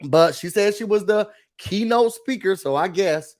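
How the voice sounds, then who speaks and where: In an unhurried, casual reality show recap, the high-pitched male host gossips animatedly and imitates the cast along the way.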